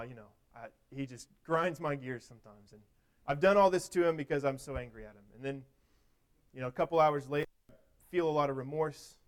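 A man's voice: mid-range voice, clear, resonant tone. A man giving a sermon in a conversational way, with frequent restarts and everyday illustrations. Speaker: preacher.

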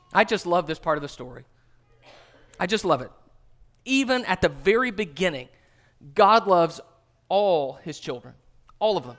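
A man delivers a sermon in a fairly high voice. He talks earnestly to his listeners. For emphasis he sinks to a hushed, soft tone. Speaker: pastor.

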